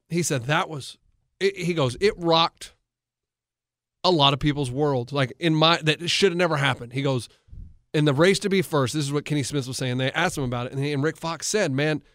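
In a dry, studio-quality recording, a man with a voice on the high side swaps stories as a coach and co-host in casual sports talk. He narrates with animation, restarting often as he relays other people's words.

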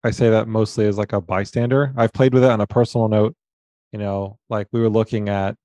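A relaxed male guest with a warm, mellow voice who often checks in with "right?". The recording is dry, with no room echo. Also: fairly low pitch, fairly quick. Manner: relaxed, hedging, frequent "right?" tags. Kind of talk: casual business chat.

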